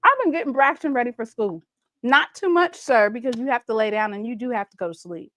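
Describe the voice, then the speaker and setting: A woman's voice: a little high, lively intonation, a little fast, fairly bright tone, dry recording. A woman, hosting a casual livestream chat and playfully reading viewer comments. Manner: chatty, playful, reads viewer comments aloud. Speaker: livestream host.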